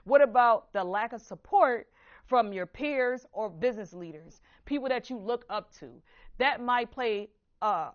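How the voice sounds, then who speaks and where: A woman from Buffalo, New York, hosting a motivational talk show, talking in an animated, preachy way and calling the audience "baby.". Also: mid-range voice, muffled recording. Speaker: host.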